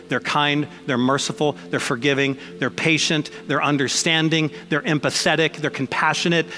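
A man's voice: on the high side, fairly bright tone, big-room sound. A man preaching a sermon as pastor, conversational and emphatic, mixing blunt jokes into his points.

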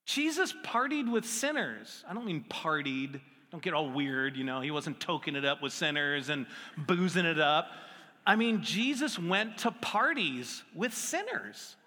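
A man's voice: fairly high pitch, big pitch swings, measured pace, sharp tone. A middle-aged man preaching a sermon in a conversational, self-deprecating way with playful asides. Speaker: pastor. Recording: long hall reverb with faint music.

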